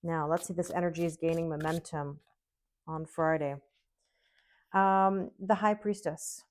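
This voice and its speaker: A little slow and steady in tone, a middle-aged woman speaks in a low voice as she gives a casual tarot reading. She chats reassuringly and keeps checking in with the listener, asking "okay?" and "right?"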